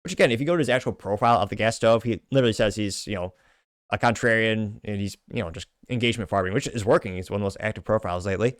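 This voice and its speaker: A man's voice: on the low side, very fast, no room sound, studio quality. A man hosting a commentary podcast, reading social media replies aloud with sardonic asides and frequent self-corrections. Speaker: show host.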